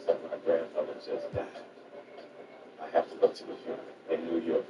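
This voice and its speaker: A man's voice: low voice, brisk. A man, a rapper who once worked at a radio station, telling an anecdote full of quoted exchanges. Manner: lively storytelling with quoted exchanges. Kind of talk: anecdotal storytelling. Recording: dull, roomy, distant noisy recording.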